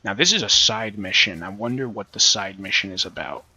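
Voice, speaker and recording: A man's voice: on the low side, brisk, sharp tone, husky. Joking, swearing man playing a game. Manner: profane, joking, rambling. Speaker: let's play host. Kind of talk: casual gameplay commentary.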